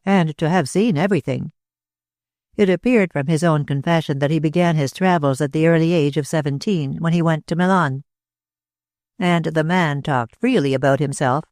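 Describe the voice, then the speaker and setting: A man narrating a classic novel as an audiobook reader, in a measured, even way. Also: fairly high pitch, no echo, studio quality. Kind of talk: scripted narration.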